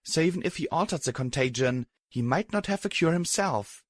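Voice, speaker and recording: A man voices a shy young pegasus mare in a storybook reading, soft and timid, a little higher than his normal voice. The sound is dry and close. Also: lively intonation, brisk, no echo. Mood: gentle.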